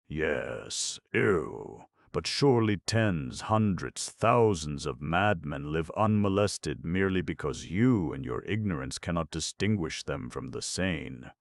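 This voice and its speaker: A man's voice: sits low, expressive, slow pace, hardly any pauses, no echo, exaggerated voice. A man voicing a bitter, fevered asylum patient. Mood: indignant. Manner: impassioned, accusing. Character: agitated young male asylum patient, bitter.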